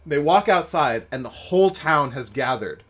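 Animated man recapping a movie. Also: fairly high pitch. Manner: animated, laughs often, quick asides. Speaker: podcast co-host. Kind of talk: casual movie recap chat.

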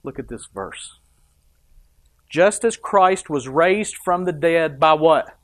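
A man's voice: a little high, lively intonation, slow pace, fairly bright tone, dry recording, clean studio sound. A man preaching a sermon, emphatic and rising and dropping for effect, asking the congregation questions. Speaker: pastor.

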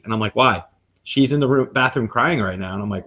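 Fast-talking and mid-range in pitch, this man in his forties is a guest sharing a personal story, performing each line of dialogue as he relates it.

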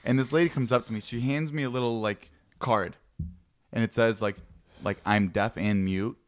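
A young man co-hosts a podcast, his mid-range voice moving at a moderate pace with fairly even intonation. He tells rambling stories packed with swearing in a casual, profane chat.

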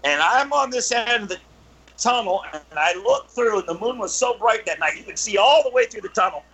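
Male guest storyteller, high and very lively pitch, deliberate pace, full of ums and restarts. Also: husky, poor audio. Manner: halting, many fillers and restarts, animated when telling stories. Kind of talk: storytelling in casual chat.

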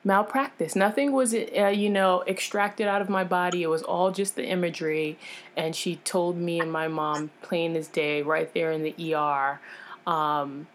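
Lower-voiced woman telling a personal story. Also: normal speed. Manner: animated, acts out others' lines in changed voices; frank, emotional retelling with frequent fillers. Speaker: interview guest.

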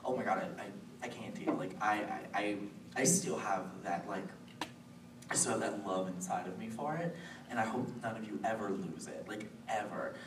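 A woman's voice: very deep voice, moderate pace. A woman in her late twenties chatting in a bubbly, giggly way as a guest on a convention panel. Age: late 20s. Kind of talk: casual panel chat. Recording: echoey room recorded from far off with noise.

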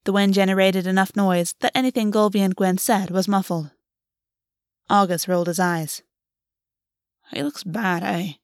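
A woman's voice: medium pitch, fairly even intonation, normal speed, dry recording. Woman reading fiction aloud, dry sound. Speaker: audiobook narrator.

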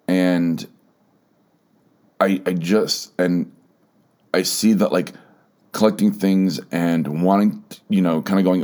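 A man hosting a personal solo podcast, talking in a halting way with many restarts and repeated words, emotional and close to tears. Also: deep voice, steady tone, darkish tone. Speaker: podcast host.

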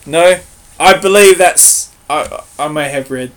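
A man with a somewhat high voice cracks crude jokes in loose banter. He slips into silly mock voices and giggles a lot. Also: takes it slowly, fairly bright tone. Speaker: podcast host. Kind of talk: comedic banter.

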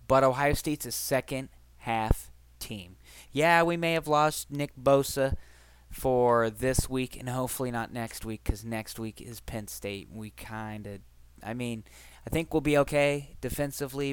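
A man's voice: medium pitch, smooth, no room sound. A man hosting a casual solo podcast, rambling and swearing freely as he chats. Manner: rambling, profane, conversational. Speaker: podcast host.

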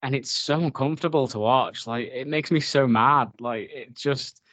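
A man's voice: mid-range voice, normal speed, a bit bright. A man co-hosting a podcast in casual chat. He swears often and fills his talk with "like.". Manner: chatty, swears often, filler-heavy. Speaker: podcast co-host reviewing a film.

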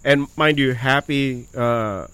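Excitable, swearing movie retelling. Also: mid-range voice, slow pace, a crowd in the background. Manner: excitable, heavy swearing, laughing and crying while telling. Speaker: storyteller among friends. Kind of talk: casual chat, retelling a movie.

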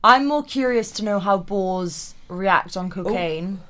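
A woman jokes her way through a radio chat in a dry, playful tone, tossing in absurd questions and quick asides. Her voice sits in a middle range and is picked up close on a studio mic. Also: medium pitch. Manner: playful, quick deadpan quips. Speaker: radio show host. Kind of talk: casual comedic banter.

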